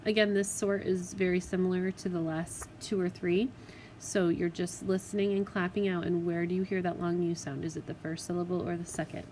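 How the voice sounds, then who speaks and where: A woman teacher giving a recorded spelling lesson to children, patient and clear, sounding out words syllable by syllable. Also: on the low side, little pitch movement, fairly quick, warm tone, a little hiss or hum, poor audio. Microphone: tablet microphone.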